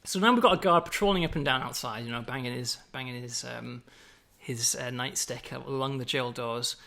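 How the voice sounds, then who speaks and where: A man's voice: mid-range voice, brisk, vocal fry, sharp tone. An English man casually walking through a game update, chatty and explanatory, with lots of "you know" and "right?". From England. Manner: fond of British slang. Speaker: game developer. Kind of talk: casual gameplay walkthrough.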